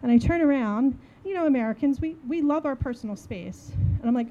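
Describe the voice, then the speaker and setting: Animated storytelling woman, muffled sound. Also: high-pitched, a little fast, slight background noise. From New Jersey, US. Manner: animated, acts out dialogue, laughs while telling. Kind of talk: casual storytelling.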